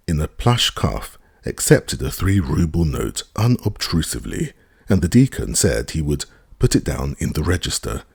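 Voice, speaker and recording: A man reading an audiobook as narrator, with measured storytelling into a close studio mic. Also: a bass voice, vocal fry, darkish tone, breathy edge.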